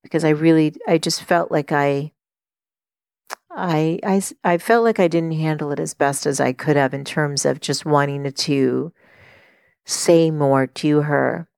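A middle-aged woman hosting a podcast, telling a personal story in an earnest, reflective way, with many pauses and fillers. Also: low voice, vocal fry, darkish tone, no room sound, studio quality. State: tearful while telling a story. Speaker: podcast host and life coach.

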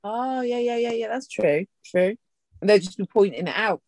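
A woman's voice: mid-range voice, expressive, normal speed, darkish tone, no echo. A woman co-hosting a casual chat podcast, playful and jokey, swearing casually. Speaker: podcast co-host.

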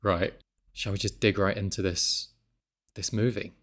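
A man's voice: low voice, fairly even intonation, measured pace, fairly bright tone. A man hosting a podcast in casual chat, laughing often and poking fun at himself. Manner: laughs often, self-deprecating. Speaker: podcast host. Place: apartment in Mexico.

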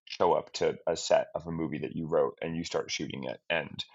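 A man who is a film director, giving a candid, reflective interview with halting speech, many restarts and trailing-off phrases. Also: extremely low pitch, steady tone, vocal fry, husky. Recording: dull lo-fi sound.

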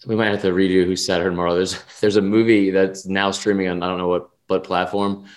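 A man's voice: deep voice, level tone, a little fast. A young man co-hosting a casual sports betting podcast, talking in a rambling, profane way full of restarts and fillers. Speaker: podcast co-host.

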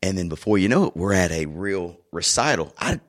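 Middle-aged male podcast co-host, deep voice, loose rambling anecdotes. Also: animated, a little fast. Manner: rambling, warm storyteller with restarts and asides. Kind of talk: casual chat, personal storytelling.

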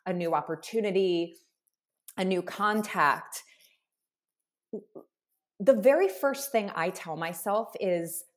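A woman's voice: mid-range voice, expressive, slow. A woman guest in an interview, a business co-founder speaking earnestly and emphatically, building her points in long lists. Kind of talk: heartfelt conversational interview.

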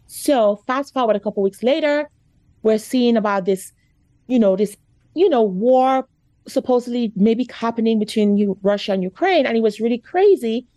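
A woman's voice: on the high side, fairly quick, dark tone, dry recording. A woman guest author telling a personal story in an interview, chatty and full of "like" and "you know", getting emotional. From America. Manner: chatty, lots of "like" and "you know", gets choked up.

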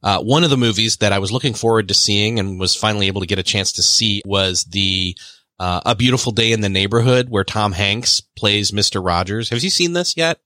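A man's voice: fairly low pitch, fairly quick, bright, forceful tone, dry recording. A man hosting a podcast, talking in a casual, enthusiastic, rambling way. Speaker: podcast host. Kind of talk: casual conversation.

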